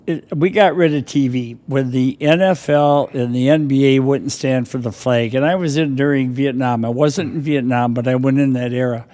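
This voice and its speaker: A man's voice: medium pitch, a little mellow, big-room sound. An older man, a podcast guest, telling rambling stories from his past with a chuckle now and then. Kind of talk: casual storytelling.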